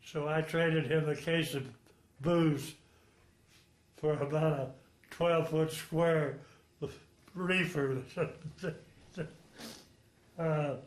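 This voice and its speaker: Slow-talking very old veteran, echoey room. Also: male voice, a little high, steady tone. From Texas, United States. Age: 90s. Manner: rambling, frank storytelling with chuckles. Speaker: World War II veteran. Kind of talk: oral history interview.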